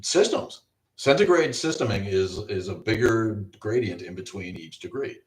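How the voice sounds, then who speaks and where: A man co-hosting a casual livestream chat, animated, joking and swearing freely. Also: lowish voice, normal speed, reverberant, far from the mic. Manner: animated, profane, jokey. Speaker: podcast co-host. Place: garage.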